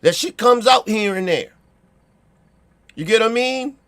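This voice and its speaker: A man's voice: high voice, expressive, a little slow, a bit bright. A man with a Baltimore accent giving a blunt, profane opinion rant, repeating himself and checking that listeners agree.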